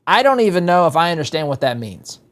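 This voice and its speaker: A man's voice: a little high, big pitch swings, fast. A man hosting a political talk show, commenting in a sarcastic, exasperated way. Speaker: talk radio host.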